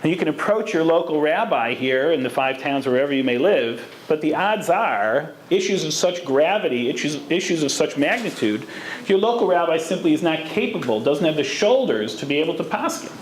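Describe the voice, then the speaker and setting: A man's voice: on the high side, expressive, brisk. A man giving a lecture on Jewish law to an audience, telling stories and mixing Hebrew terms into his English. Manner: storytelling, Hebrew terms woven in. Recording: echoey room, faint background noise.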